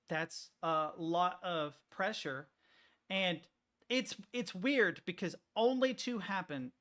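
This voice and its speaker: A man's voice: fairly high pitch, vocal fry, a bit bright. A man streaming, chatting casually in a rambling way with frequent swearing and restarts. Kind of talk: casual rambling chat while working on stream.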